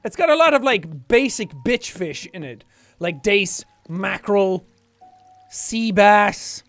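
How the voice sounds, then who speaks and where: Animated man narrating a game. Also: high voice, takes it slowly, soft background music. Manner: animated, jokey, swearing, talks to himself. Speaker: gaming streamer. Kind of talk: let's play commentary.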